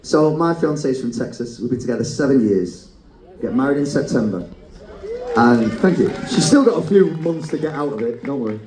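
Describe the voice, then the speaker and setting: A man's voice: medium pitch, lively intonation, mellow, roomy sound, rough recording. Teasing man hosting a game show. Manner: teasing, quick banter, often laughing. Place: cruise ship show lounge.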